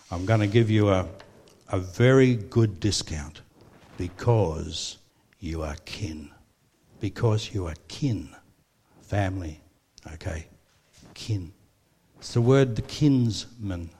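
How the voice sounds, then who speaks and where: A man's voice: lowish voice, darkish tone. An older man with an Australian accent, preaching a sermon and telling personal stories, with a rambling delivery full of fillers and restarts.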